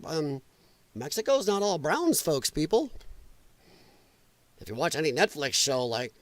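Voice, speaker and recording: A man's voice: on the high side, sing-song, a little slow, pauses often, dry recording. A male podcast host giving blunt, profane, sarcastic livestream commentary.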